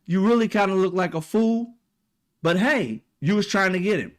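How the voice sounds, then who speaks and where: Profane, heated high-voiced man. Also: normal speed. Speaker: commentary channel host. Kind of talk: ranting opinion monologue.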